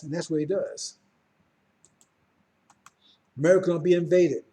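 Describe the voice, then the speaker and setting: Give me a middle-aged man with a warm, slightly high voice giving an emphatic, informal Bible lesson. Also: fairly even intonation, moderate pace. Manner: emphatic, keeps checking in with listeners. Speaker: Bible class teacher. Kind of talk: informal Bible class lecture.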